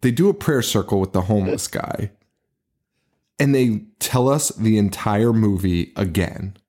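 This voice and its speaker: A man's voice: lowish voice, expressive, measured pace, warm tone. Laughing, swearing male podcast host. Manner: profane, laughing, incredulous. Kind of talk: casual movie recap chat.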